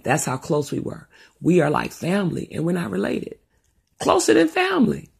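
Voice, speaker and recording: A husky middle-aged woman with a gravelly edge tells family stories off the cuff. Her pitch swoops wide as she rambles and cusses her way through the tale. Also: normal speed. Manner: rambling and profane, with animated asides. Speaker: storyteller. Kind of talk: casual storytelling monologue.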